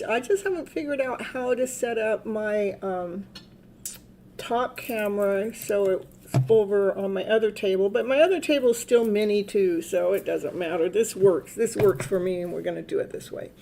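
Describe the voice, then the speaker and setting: A woman's voice: mid-range voice, gravelly, warm tone, a little hiss or hum. A woman, a tarot reader hosting a live stream in casual, rambling chat, laughing often.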